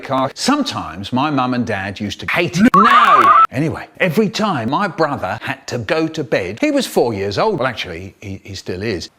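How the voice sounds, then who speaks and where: Animated male storyteller with wild pitch swings. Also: a little hiss or hum. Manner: theatrical, swings between squeaky quoted voices and low mutters. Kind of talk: comic children's storytelling, spliced remix.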